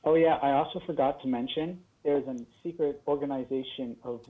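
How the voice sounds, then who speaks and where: A man's voice: mid-range voice, steady tone, fairly quick, narrow, tinny audio. A young man playing a tabletop game with friends, chatty and apologetic. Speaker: player. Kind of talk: casual tabletop game chat.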